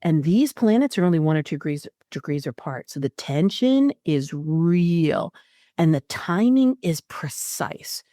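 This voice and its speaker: Low-voiced woman astrology host. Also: measured pace, dry recording, studio quality. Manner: expressive, with frequent fillers. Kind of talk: spiritual guidance talk.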